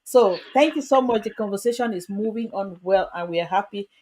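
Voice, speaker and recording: A woman hosting a livestream chat, lively and speaking straight to her viewers. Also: mid-range voice, brisk. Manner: lively, addresses viewers directly. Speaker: host.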